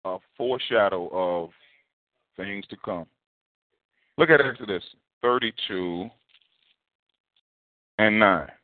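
Man, pastor, sermon, animated and conversational, dry close sound. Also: on the low side, takes it slowly, long pauses, no room sound. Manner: animated, repetitive, conversational preaching. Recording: tinny phone-like sound.

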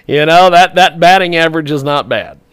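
A man's voice: a little high, fairly quick, a bit bright. A man hosting a talk show, laughing often and encouraging his guest, introducing segments in an amused way.

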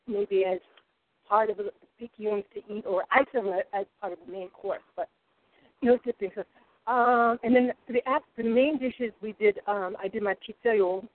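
A middle-aged woman telling kitchen stories in a lively, expressive way as a guest cook. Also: medium pitch. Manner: lively, expressive, laughing storyteller. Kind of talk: animated storytelling chat. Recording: tinny phone-like line.

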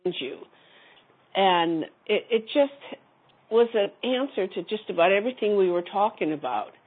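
A woman's voice: medium pitch, animated, normal speed, husky. A woman sharing a personal story casually in a group call, rambling with many restarts. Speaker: community call participant. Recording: phone-line audio.

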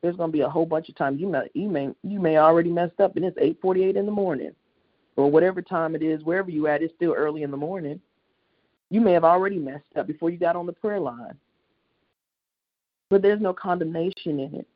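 Husky-voiced preacher, impassioned and repetitive, heard over a muffled phone line. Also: medium pitch, quick pace. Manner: impassioned, repetitive, swells to loud peaks. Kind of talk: sermon on a prayer line.

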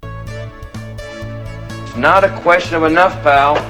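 An actor playing a ruthless financier who lectures bluntly in a film clip. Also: male voice, on the high side, takes it slowly, bright, forceful tone, faint music behind.

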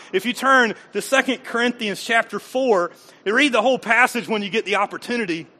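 High, bright-voiced male pastor preaching. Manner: conversational preaching, repeats phrases, jokes with the congregation. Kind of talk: sermon.

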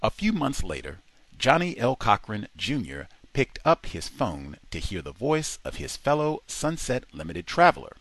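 A man reading a nonfiction book aloud in a dramatic, expressive way. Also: medium pitch, moderate pace, no room sound. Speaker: audiobook reader.

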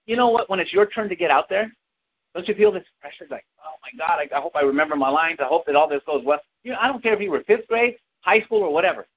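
A man's voice: fairly high pitch, lively intonation, fast. A man preaching a sermon, calling out to the congregation for responses and telling a story from his childhood. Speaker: pastor. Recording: tinny lo-fi with hiss.

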